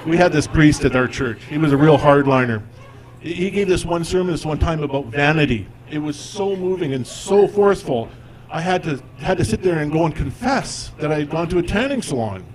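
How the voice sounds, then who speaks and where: A man's voice: on the high side, animated, brisk, slight background noise. A man in his forties performing a stand-up comedy routine on stage, with a conversational, self-deprecating delivery. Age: 40s. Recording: live audience in a comedy club.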